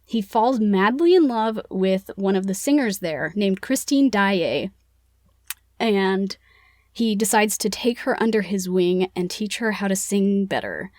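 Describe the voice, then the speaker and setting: A woman's voice: mid-range voice, lively intonation, measured pace, darkish tone, no echo. A woman co-hosting a casual book-club podcast, retelling a plot in a chatty, playful way with lots of "like". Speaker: podcast co-host.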